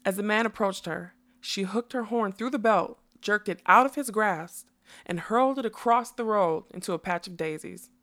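A woman reads a fantasy story aloud in a soft, measured way. Her voice sits at a middling pitch. The delivery is calm audiobook narration.

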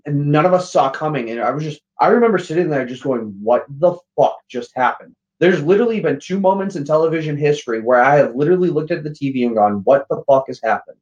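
Animated, swearing man on a dull line. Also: on the high side. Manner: animated, profane storytelling with acted-out quotes. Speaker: podcast guest. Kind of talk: casual chat.

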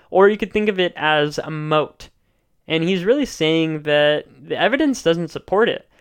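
A man talks through a solo podcast recap in a measured, explanatory way. His voice is smooth and clear, sitting slightly higher than a typical male voice. He sounds keen on the guests he describes. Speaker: podcast host.

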